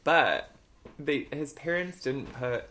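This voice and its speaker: Co-host: a woman with a sharp, bright voice, sarcastic and blunt, swears a lot. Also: very deep voice, lively intonation, takes it slowly. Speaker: podcast co-host. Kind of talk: casual chat.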